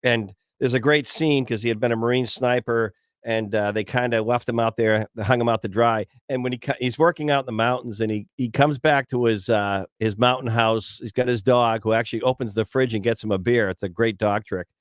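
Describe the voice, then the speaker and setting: A man hosting a morning radio talk show, telling stories in a chatty, animated way with many restarts. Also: medium pitch, a little fast, few pauses, clear, resonant tone, no room sound, studio quality. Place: radio studio.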